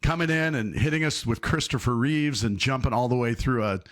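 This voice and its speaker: An enthusiastic man hosts a podcast, keeps jumping in with praise and asks warm-up questions. His voice sits at an average pitch. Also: fairly quick. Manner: enthusiastic, with frequent interjections. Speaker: podcast host. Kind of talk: podcast interview.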